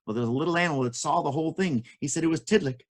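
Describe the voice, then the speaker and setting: A man telling folk tales to children in a playful, jokey, expressive way. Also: fairly high pitch, very fast. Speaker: children's storyteller. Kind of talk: animated storytelling for children.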